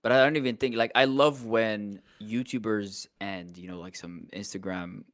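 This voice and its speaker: A male streamer chatting casually with a friend, excitable and laughing often. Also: on the low side, moderate pace. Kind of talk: casual chat.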